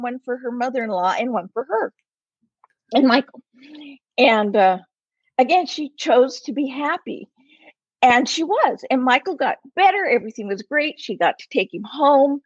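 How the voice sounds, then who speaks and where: A woman in her sixties, an interview guest, telling a personal story in an animated way and acting out the voices in it. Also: high-pitched, normal speed, no room sound. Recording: slightly muffled, lo-fi.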